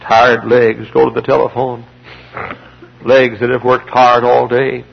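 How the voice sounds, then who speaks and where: A man pastor preaching a fiery sermon. He swings from shouted peaks to hushed, slow pleas. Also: mid-range voice, completely flat delivery, vocal fry, husky. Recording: dull lo-fi archival sermon tape.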